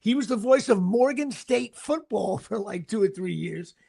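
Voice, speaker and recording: Gravelly high-voiced New man. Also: normal speed. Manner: rambling, excitable, stumbles and restarts. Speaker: podcast host. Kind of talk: casual sports chat.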